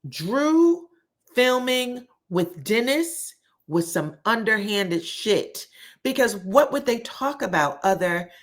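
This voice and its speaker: A woman's voice: a little high, sing-song, slow. A woman recapping a reality TV episode in a chatty, opinionated way, talking straight to her viewers. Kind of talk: casual recap vlog.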